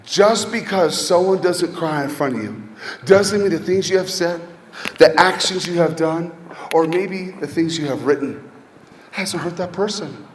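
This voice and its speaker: Male motivational speaker, school assembly, dramatic storytelling, loud then hushed, echoey hall. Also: fairly high pitch, unhurried, slight background noise. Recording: echoey hall, faint ambience.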